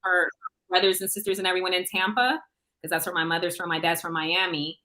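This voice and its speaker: Brief: American woman, chatty guest, bright and forceful voice. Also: fairly low pitch, steady tone, fast. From England, raised on a US base. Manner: chatty, repeats herself. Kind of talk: casual live chat.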